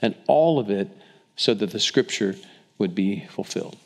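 A man's voice: fairly low pitch, animated, moderate pace, vocal fry, darkish tone. A man preaching a sermon, retelling the scripture vividly and stumbling over restarts. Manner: storytelling, dramatizes quotes with acted voices; frequent restarts and repetitions.

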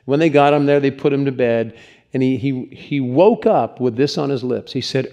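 A man's voice: mid-range voice, moderate pace, mellow. A man preaching as a pastor, telling stories in an earnest, conversational sermon, likely in a church.

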